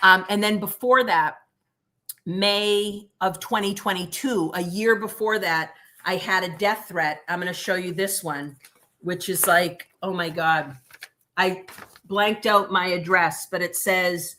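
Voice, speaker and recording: A woman's voice: on the low side, a little slow. A middle-aged woman, a former prosecutor, speaking as a guest in a livestream interview, telling stories bluntly and emphatically. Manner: blunt, emphatic, animated retelling with quoted dialogue.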